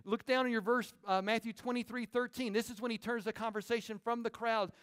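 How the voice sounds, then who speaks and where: High-voiced preaching man. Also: smooth. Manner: animated preaching, quick asides to the congregation. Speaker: pastor. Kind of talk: sermon. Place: church sanctuary.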